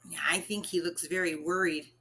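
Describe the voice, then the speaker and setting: A woman reading a picture book aloud to children, expressive and asking them questions. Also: on the low side, normal speed. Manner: expressive, asks listeners questions.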